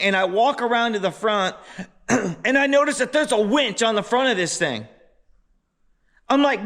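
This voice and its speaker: Man, high voice, casual storytelling, animated, exasperated. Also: normal speed, long pauses. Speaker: motorbike vlogger.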